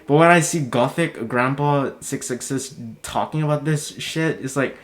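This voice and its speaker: A man talking in a casual commentary vlog, heated and swearing, his voice jumping high when he is worked up. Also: moderate pace. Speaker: video commentator.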